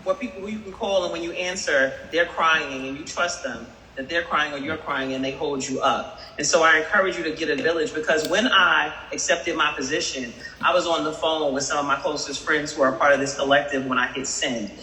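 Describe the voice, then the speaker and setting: A woman's voice: sits low, brisk, few pauses, pushed and bright, reverberant, long reverb tail, recorded from a distance, a little hiss or hum, low-quality recording. A woman who is a school principal gives an earnest, encouraging thank-you speech on a group video call. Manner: earnest and encouraging, with faith language. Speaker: school principal, new deputy superintendent.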